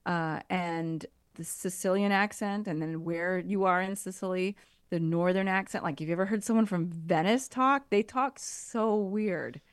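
A woman with a fairly low voice chats casually on a podcast, full of lively asides and quick restarts. The sound is dry and close, with no room around her. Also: dry recording. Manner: chatty, animated, trailing restarts. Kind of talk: casual chat. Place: abroad in Italy, married into an Italian family.

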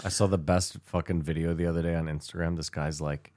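A man's voice: a bass voice, flat delivery, fast, few pauses, darkish tone. A man co-hosting a podcast, laid-back in casual chat and laughing often. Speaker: podcast co-host.

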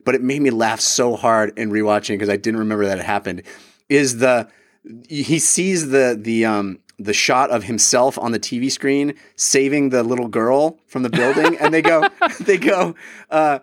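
A man's voice: medium pitch, moderate pace, no echo, studio quality. A man co-hosting a movie podcast, amused as he retells favorite scenes. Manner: amused storyteller, quotes scenes. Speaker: podcast co-host. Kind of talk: casual movie review chat.

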